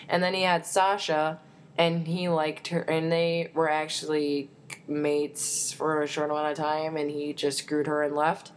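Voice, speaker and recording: A young woman vlogging a fan opinion rant, excitable and exasperated, with lots of fillers. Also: deep voice.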